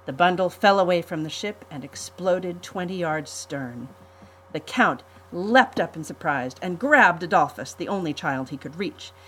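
A woman reading a storybook aloud in an even, measured manner. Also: lowish voice, breathy edge, rough recording. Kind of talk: storybook narration.

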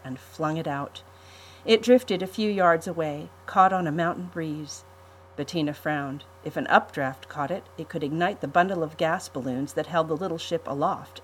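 A woman reading a storybook aloud in an even, measured manner. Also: lowish voice, a little hiss or hum, poor audio. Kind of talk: storybook narration.

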